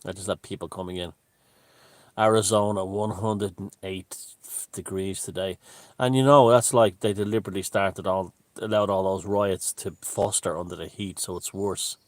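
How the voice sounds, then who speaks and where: A man's voice: sits low, moderate pace, no echo. Chatty man on a live stream. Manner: relaxed, chatty, greets viewers by name. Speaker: livestream host. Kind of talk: casual live-stream chat reading viewer comments. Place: room at home with the window open.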